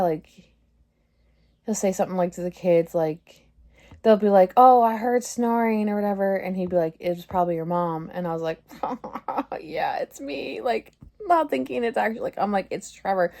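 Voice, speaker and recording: A woman's voice: mid-range voice, darkish tone. A woman in her thirties vlogging in a casual, rambling way, filling her talk with "like" and laughing at herself. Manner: rambling, heavy use of "like", laughing through embarrassment. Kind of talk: casual confessional vlog chat.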